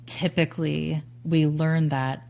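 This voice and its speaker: Candid low-voiced woman coach. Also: level tone, slow, vocal fry, darkish tone, slight background noise. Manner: candid, reflective, swears casually, laughs often. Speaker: life coach and author guest. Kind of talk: casual podcast interview.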